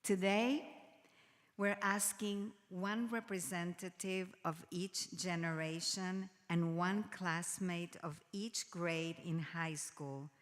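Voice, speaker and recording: A woman reading prepared remarks at a worship service in a measured, deliberate way. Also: on the low side, steady tone. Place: sanctuary. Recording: long reverb of a large hall.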